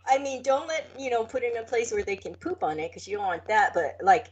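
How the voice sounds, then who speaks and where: A woman co-hosting a podcast, chatting casually and narrating a case in a halting, careful way. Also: fairly high pitch, breathy edge. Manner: halting, careful, with many fillers. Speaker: podcast co-host. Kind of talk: casual chat and true-crime narration.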